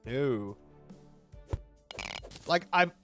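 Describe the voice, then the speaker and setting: A man's voice: mid-range voice, lively intonation, extremely slow, fairly bright tone, faint music behind. A young man with a South African accent, chatting casually to his viewers while playing a game on a livestream, rambling and joking as he goes. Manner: rambling, jokey, talks to chat while playing. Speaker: streamer. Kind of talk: casual gameplay livestream chat.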